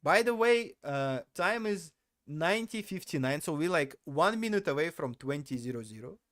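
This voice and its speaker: A man's voice: a little high, expressive, moderate pace, fairly bright tone, no echo, clean studio sound. A man telling a story casually on a live stream, rambling and correcting himself as he goes, often laughing at himself.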